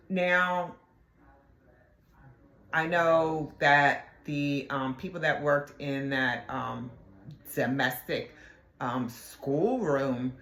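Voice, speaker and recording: A middle-aged woman, a former police detective, telling a workplace story in a halting way, with many fillers and asides. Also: sits low, a bit bright. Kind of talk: casual storytelling. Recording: echoey room.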